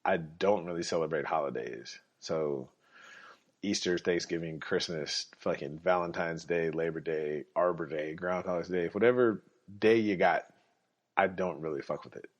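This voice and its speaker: A man's voice: low voice, normal speed. A young adult man hosting a podcast, talking in a casual monologue. He is blunt, sarcastic and swears freely. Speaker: podcast host. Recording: dull lo-fi recording.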